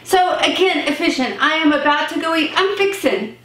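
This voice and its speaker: A woman's voice: high-pitched, animated, normal speed, fairly bright tone. A woman from Central Texas with a Texan accent, playfully explaining sayings in casual chat. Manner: playful, explains each phrase. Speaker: vlog host. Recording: echoey room, mic at a distance.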